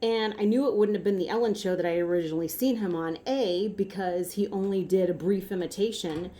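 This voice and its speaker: A woman's voice: medium pitch, fairly quick, dark tone. Chatty, rambling woman vlogger. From Western Massachusetts, US. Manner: rambling, chatty, full of tangents and asides. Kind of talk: casual chat.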